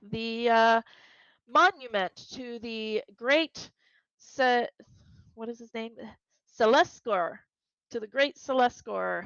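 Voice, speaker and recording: A chatty, rambling town tour guide, played by a woman in a tabletop game, with a slightly high, gravelly voice. The sound is dry and somewhat dull, like a lo-fi home setup. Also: fairly bright tone, dry recording, exaggerated voice.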